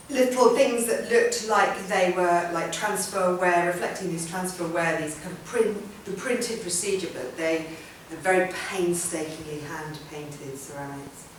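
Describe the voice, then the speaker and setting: A woman's voice: fairly low pitch, measured pace, slight background noise. Woman speaking in an echoey hall. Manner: chatty, rambling, many ums and restarts. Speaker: artist giving a talk. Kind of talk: informal public talk. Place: event room or hall. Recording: roomy hall sound from a distant mic.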